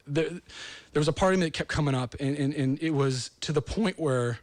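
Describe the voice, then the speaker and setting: A man's voice: on the high side, normal speed, no echo. A man from the United States hosting a talk show, delivering an earnest, rambling monologue that turns emotional. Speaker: host.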